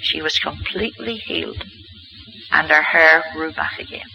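A man's voice: fairly high pitch, moderate pace, creaky, dull audio, a little hiss or hum. A man giving a church lecture, telling healing stories with an earnest, emphatic storytelling manner. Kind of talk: storytelling sermon talk.

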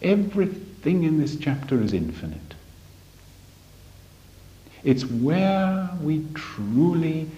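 A man teaching from a spiritual text in a deliberate, emphatic lecture, often asking rhetorical questions. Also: medium pitch, dark tone. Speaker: religious study teacher. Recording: dull lo-fi recording.

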